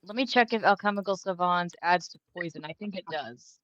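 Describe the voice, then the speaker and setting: A player in a tabletop game, talking in an easygoing, calm way. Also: medium pitch, fairly quick, dull audio. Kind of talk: casual tabletop play.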